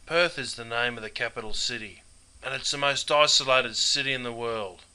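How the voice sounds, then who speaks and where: A man's voice: medium pitch, moderate pace, sharp tone, clean tone. A man with an Australian accent narrating a scripted, jokey lesson on slang, full of broad slang and calling the listener mate all the time. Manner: matey, broad slang, says mate constantly. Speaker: English teacher.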